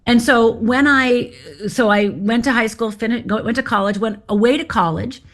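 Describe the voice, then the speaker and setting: A woman's voice: a little high, moderate pace. A middle-aged woman from Upper Michigan, a guest on an interview show, telling her life story in a candid, direct and wry way.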